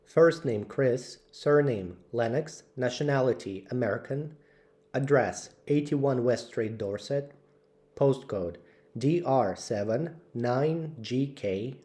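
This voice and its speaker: Slow, mellow-voiced man reading word lists. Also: medium pitch. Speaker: English teacher. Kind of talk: slow vocabulary drill.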